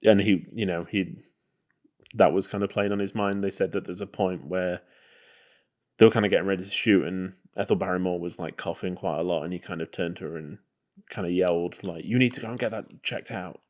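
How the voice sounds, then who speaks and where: Deep-voiced man chatting about films. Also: little pitch movement, brisk. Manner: loose and hedging, full of "you know" and "kind of". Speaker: podcast co-host. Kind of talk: casual film discussion.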